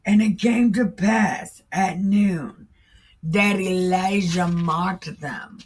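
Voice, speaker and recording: A woman's voice: lowish voice, very slow, a little mellow, breathy edge. A woman reading a Bible story aloud in a casual way, breaking in with irreverent, profane asides. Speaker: host reading scripture.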